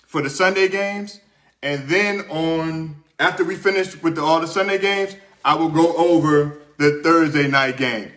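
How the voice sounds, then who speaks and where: A man's voice: fairly high pitch, fairly bright tone. A young man hosting his show in a small room, telling a casual story and then going over his sports picks, chatty and repeating himself as he talks to viewers. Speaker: podcast host. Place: small room under hot studio lights.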